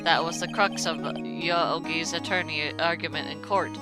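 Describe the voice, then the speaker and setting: A woman reading game lines as a cold, proud young male prosecutor, speaking in a lowered, measured and formal way. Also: fairly even intonation, poor audio. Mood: cool, formal. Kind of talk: reading game dialogue aloud on stream. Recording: music playing behind.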